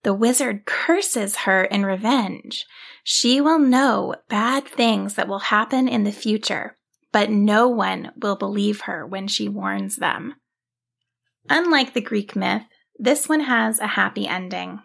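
A woman narrates a fairy tale for a children's podcast, with a gentle, welcoming storybook manner. She takes her time over every phrase, and her mid-range voice carries a gravelly edge of fry. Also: mid-range voice, slow.

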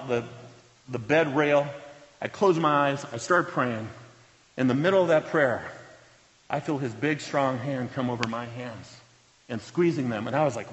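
A man preaching a sermon as a pastor, telling stories earnestly and dropping to a hush at solemn moments. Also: medium pitch. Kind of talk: sermon storytelling. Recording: reverberant hall, dull lo-fi sound.

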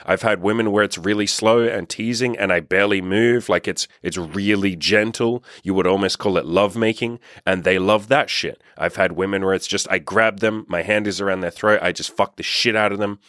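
A man's voice: lowish voice, brisk, few pauses, fairly bright tone, no echo, clean studio sound. A man talking as a dating coach, giving blunt, profane, emphatic advice straight to his viewers. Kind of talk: direct-to-camera advice monologue.

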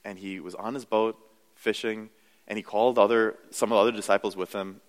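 A man's voice: on the low side, steady tone, fairly quick, long reverb tail. A young adult man preaching a sermon in a conversational, self-deprecating way, full of "you know"s. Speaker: pastor.

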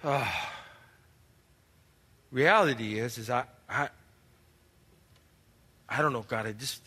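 A man's voice: medium pitch, slow, pushed and bright, husky, full character voice. A man acting as an anxious, overwhelmed churchgoer who pleads with God, exasperated and stammering as he talks. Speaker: actor in skit. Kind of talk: church drama monologue. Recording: reverberant hall.

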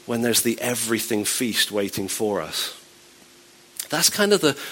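A man delivers a sermon in a relaxed, conversational tone, slipping in dry, playful asides. His voice sits at an ordinary middle pitch for a man. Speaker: preacher.

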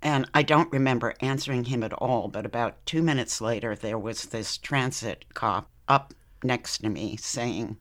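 An older woman, a podcast guest, recounting a personal story in a lively conversational way, laughing now and then. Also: very deep voice, unhurried.

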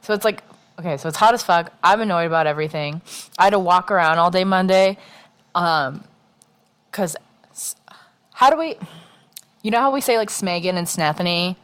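A woman's voice: fairly low pitch, moderate pace, long pauses, smooth. A young woman co-hosting a podcast in casual chat, blunt and sweary, laughing often and acting out what others said. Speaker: podcast co-host.

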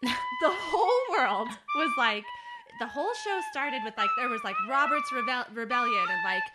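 A woman's voice: sits high, very animated, moderate pace, loud music behind the voice, poor audio. A woman in a casual chat among friends, enthusiastic and emphatic, sometimes drawing her phrases out.

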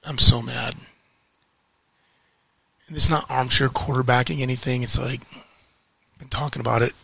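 Heated, swearing man with a bright raspy voice. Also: medium pitch, fairly even intonation, no room sound. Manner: heated, swearing, repeats phrases, emphatic pauses. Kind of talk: frustrated political rant to camera.

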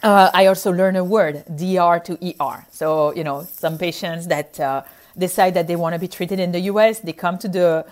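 Woman, French accent, physician, casual storytelling; animated, filler-heavy, laughs often. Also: fairly low pitch, normal speed. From France.

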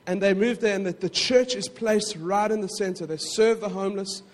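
A man preaching a sermon in a conversational way, with frequent asides to the congregation and quick self-corrections. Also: sits high, big-room sound. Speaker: pastor.

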